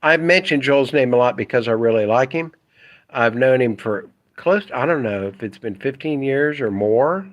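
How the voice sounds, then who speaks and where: A man who runs an internet marketing business, talking casually to camera in an excitable, blunt, rambling way with mild swearing. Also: medium pitch, normal speed, dry recording, poor audio.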